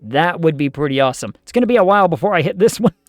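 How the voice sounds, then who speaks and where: A man with a slightly high voice chats his way through a game stream, thinking out loud and joking with his viewers. He sits close to the mic, and the sound is dry with no room echo. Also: animated, very fast, faint music behind. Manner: chatty, thinks aloud, jokes with chat. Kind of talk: casual game commentary.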